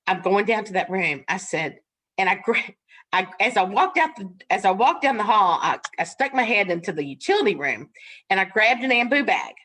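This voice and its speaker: Speaking a little fast, this nursing instructor has a medium-pitched, expressive voice that's a bit bright with a breathy edge. She's an older woman, frank and homespun, laughing frequently while she weaves ward stories into her classroom lecture.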